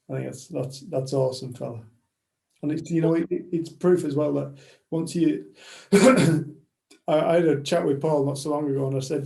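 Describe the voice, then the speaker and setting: Gravelly, mellow man. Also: on the high side, fairly even intonation, moderate pace. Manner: reflective and affirming. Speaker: community group member. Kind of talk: casual group chat.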